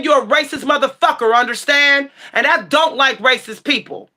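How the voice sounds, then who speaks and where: A woman hosting her own livestream channel, ranting sassily and bluntly at her chat, swearing freely and breaking into shouts. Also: high-pitched, fairly quick, hardly any pauses. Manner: sassy, blunt, profane, shouts at times. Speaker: livestream tarot channel host. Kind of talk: heated livestream rant answering chat.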